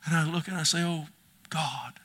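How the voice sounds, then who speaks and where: A middle-aged male preacher delivering an impassioned sermon, swinging from loud cries to hushed near-whispers. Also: fairly high pitch, moderate pace.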